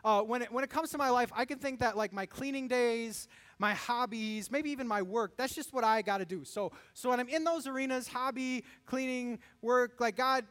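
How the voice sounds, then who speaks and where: Male preacher with a high voice, animated sermon delivery that slips into quoted voices. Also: moderate pace. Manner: animated, acts out quoted voices with rising pitch. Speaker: pastor.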